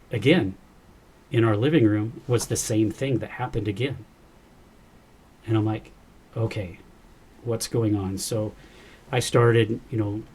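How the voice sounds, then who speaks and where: A man's voice: lowish voice, mellow, slight background noise. A man, a podcast guest, earnestly recounting a personal experience and quoting the dialogue as he goes. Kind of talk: personal storytelling in a podcast interview.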